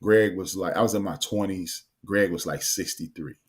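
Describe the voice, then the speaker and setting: A man, co-hosting a casual talk show and telling an animated story. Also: low voice, normal speed. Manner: storytelling, animated, acts out quotes. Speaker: podcast co-host. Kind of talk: casual chat.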